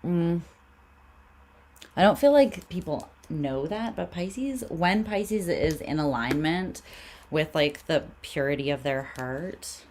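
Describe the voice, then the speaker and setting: A woman with a low voice reads tarot on a casual livestream, taking her time over each phrase. Her pitch swings widely as she talks, and she swears easily and laughs often. A faint hum of room ambience sits behind her. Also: expressive, slow, darkish tone. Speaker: tarot reader.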